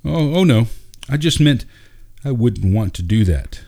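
Brief: nervous storybook father, halting and sheepish, read by a husky male narrator. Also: fairly low pitch, very animated, dark tone, heavily acted. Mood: flustered. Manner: hesitant, stammering. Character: nervous, out-of-place struggling father.

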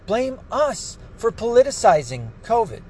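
A man with a high, swooping voice delivers an angry political rant, cursing freely. His delivery lurches up and down in pitch as he vents, and faint noise sits behind him. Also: big pitch swings, measured pace, a little mellow. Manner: angry, profane, ranting. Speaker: political commentator.

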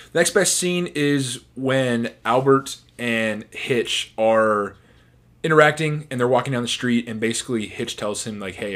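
A man's voice: mid-range voice, fairly bright tone. A man in a casual commentary, talking about his favorite film scenes in a rambling, chatty way with restarts. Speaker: movie reviewer.

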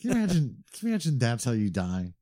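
A man co-hosting a movie podcast, chatting casually and laughing easily. His voice is mellow and warm, and his pitch swings a lot as he talks. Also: fast. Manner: animated, laughs easily, slips into silly voices. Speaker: podcast co-host. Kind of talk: casual chat.

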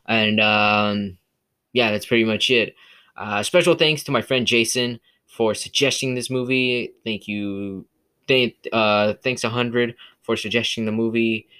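A man's voice: fairly low pitch, steady tone, measured pace, pushed and bright, smooth. A man hosting a casual solo movie review podcast, rambling with many fillers and restarts, from California. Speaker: podcast host.

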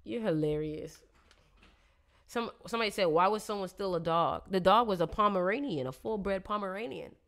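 A woman's voice: mid-range voice, moderate pace, a bit bright. A woman on a casual live stream, reading viewers' astrology in a chatty, playful, slangy way and teasing her audience.

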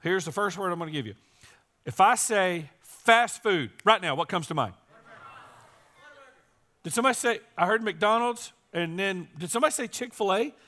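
A man preaching an Easter sermon to his congregation as pastor, his voice strained and squeaky today, joking and teasing the crowd as he talks. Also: bright, forceful tone. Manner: joking, playful, teasing the audience. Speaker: teaching and campus pastor. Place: church service.

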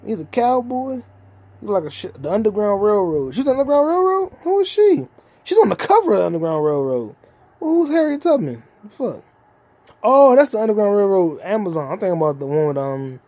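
Sitting high and warm, this man's voice comes through with no room sound. He is in his 20s, hosting a solo podcast of casual chat where he rambles, free-associates, and uses constant profanity.

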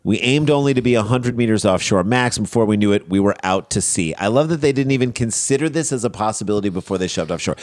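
A man's voice: on the low side, fast talker, hardly any pauses. A man co-hosting a comedy podcast, reading a news story aloud and riffing on it sarcastically. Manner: animated, sarcastic, jumps into mock voices. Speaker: podcast co-host.

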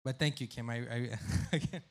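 A man co-hosting a podcast in casual banter, loud and profane, swinging between jokes and confessions. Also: medium pitch, steady tone, a little fast. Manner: loud, swearing, jumps between joking and confessional. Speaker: podcast co-host.

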